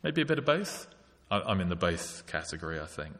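Male preacher, low-pitched, sermon in a reverberant church hall. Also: sing-song, fairly quick, fairly bright tone. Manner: reflective, asks rhetorical questions.

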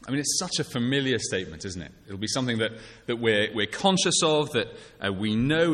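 A man preaching a sermon to his congregation. He speaks in a measured, conversational way, with frequent fillers and small restarts. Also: on the low side, pushed and bright, slight background noise. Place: church. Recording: long church reverb.

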